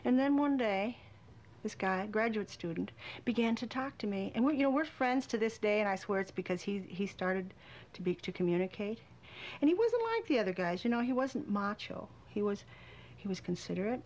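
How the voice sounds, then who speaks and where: A middle-aged woman, a welder and artist, telling a candid story for a documentary, swinging between loud and hushed. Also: medium pitch.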